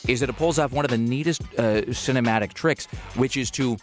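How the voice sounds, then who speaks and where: A man's voice: medium pitch, brisk, faint music behind. A man hosting a radio show in casual chat, rambling and self-deprecating with lots of restarts. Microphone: studio microphone.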